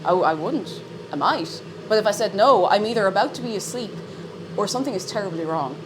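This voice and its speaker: A young woman streaming from home, chatting brightly with her viewers and greeting them by name. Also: mid-range voice, lively intonation, brisk, background noise. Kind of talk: casual live-stream chat.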